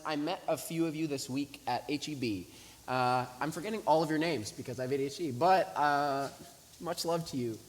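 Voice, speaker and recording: Casual young pastor preaching in a reverberant hall. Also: male voice, mid-range voice. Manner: animated storytelling, voices the people in his story; casual, talks to the congregation directly. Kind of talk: sermon. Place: church sanctuary. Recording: hissy room recording with long hall reverb.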